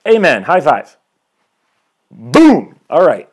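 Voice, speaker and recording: Broadcasting from his home, this forties-aged life coach delivers motivational live-stream talk, welcoming newcomers and preaching self-improvement with energy and a tendency to ramble. His voice is fairly high with wildly swooping pitch, his pace is slow, and there's slight background noise.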